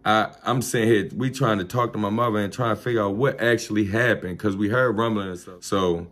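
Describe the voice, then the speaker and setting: Animated man telling a story. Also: fairly low pitch, brisk. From Baltimore. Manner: animated, profane, slangy, with sound effects. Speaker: vlogger. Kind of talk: storytime vlog.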